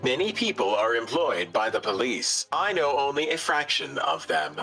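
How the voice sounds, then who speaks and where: A man's voice: medium pitch, big pitch swings, normal speed, pushed and bright, soft background music. A male text-to-speech voice playing a terse bomb disposal expert, with clipped, telegraphic phrasing. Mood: flat.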